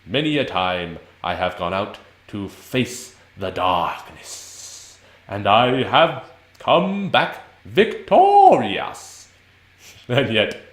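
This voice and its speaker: A man's voice: on the low side, reverberant. A man voicing a proud male worm adventurer who speaks pompously about himself. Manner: pompous, self-important.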